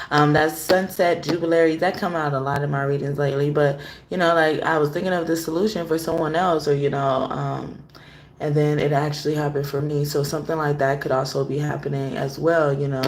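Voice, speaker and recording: A woman's voice: sits low, slight background noise. A woman hosting a tarot reading show, talking in a chatty, casual way and laughing often as she tells stories. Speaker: tarot reader and show host. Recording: roomy echo.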